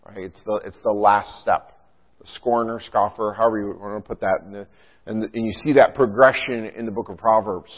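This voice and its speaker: A man's voice: on the low side, steady tone, fairly quick. Man preaching over a tinny line. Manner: preaching, with rhetorical questions and frequent "right?". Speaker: pastor. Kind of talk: sermon. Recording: tinny phone-like sound.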